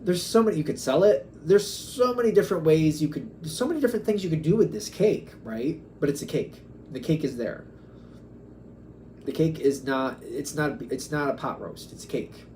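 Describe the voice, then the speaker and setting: A man's voice: a little high, expressive, normal speed, darkish tone, slight background noise. A man giving a casual tarot reading, musing aloud and acting out quoted back-and-forths. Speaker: tarot reader.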